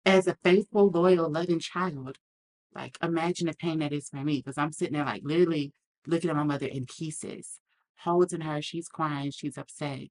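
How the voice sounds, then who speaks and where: A woman's voice: low voice, fairly even intonation, normal speed, darkish tone. A woman talking candidly as a podcast guest, earnest and reflective, acting out the lines of others in her story.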